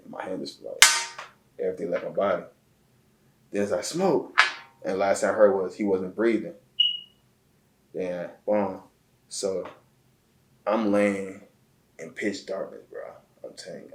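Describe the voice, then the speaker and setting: A man from Chicago, a guest telling a personal story in a halting, emotional way, often repeating words. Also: deep voice, a little mellow, slight background noise. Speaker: interview guest. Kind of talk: casual storytelling. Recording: echoey room.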